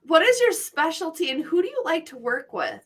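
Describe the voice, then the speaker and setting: A woman's voice: very high-pitched, huge pitch swings, normal speed. A woman hosting a podcast interview, chatting in an effusive, enthusiastic way. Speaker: podcast host. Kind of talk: casual interview chat.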